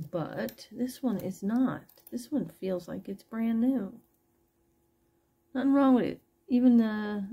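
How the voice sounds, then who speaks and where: Casual online seller, woman, gravelly low-energy delivery, unhurried, chatty. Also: warm tone. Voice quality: gravelly, husky. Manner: chatty, pricing each piece aloud as she goes. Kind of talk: casual live sales chat.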